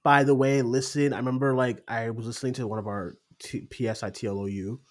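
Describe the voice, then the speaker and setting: A young man co-hosting a casual podcast chat, excited, swearing often and acting out quotes. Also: mid-range voice, quick pace. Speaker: podcast co-host.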